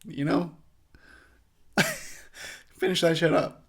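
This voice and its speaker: A man's voice: fairly high pitch, steady tone, slow pace, fairly bright tone. A drunk man giving a rowdy, profane movie commentary, laughing a lot.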